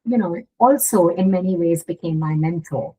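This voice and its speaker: A woman guest in a casual interview, telling a story in a lively way. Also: on the low side, moderate pace, a little hiss or hum, low-quality recording. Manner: animated storyteller, acts out quotes. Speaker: guest, gifting studio owner.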